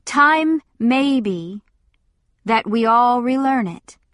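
A stern lord speaks with cold, clipped control, as a woman reader voices him. His words come slow and measured. The sound is dry and close. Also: medium pitch, no room sound, natural voice. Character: stern older male lord, mild turning coldly angry.

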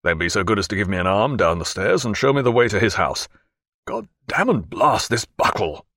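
A man doing a gruff naval captain. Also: fairly low pitch, very animated, brisk, fairly bright tone, dry recording, studio quality, full character voice. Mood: commanding. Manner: commanding, blunt, swearing.

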